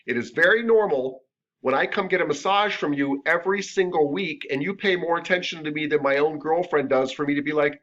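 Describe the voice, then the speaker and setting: Chatty, joking massage instructor, lo-fi. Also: male voice, fairly high pitch, a bit bright. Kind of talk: casual classroom lecture. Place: classroom. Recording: dull lo-fi lecture recording.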